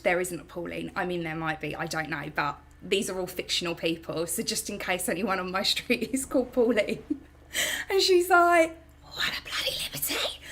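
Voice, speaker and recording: A woman's voice: on the high side, pushed and bright. A young woman from the UK hosting a casual live stream at home, chatting openly and reading out viewer comments. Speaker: lifestyle channel host.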